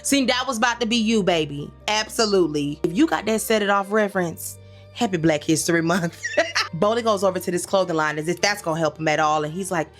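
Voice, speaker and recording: A woman's voice: fairly low pitch, a little fast, soft background music. A woman in her thirties giving a comedic recap of a TV episode, telling the story in a playful, slangy way full of asides. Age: 30s.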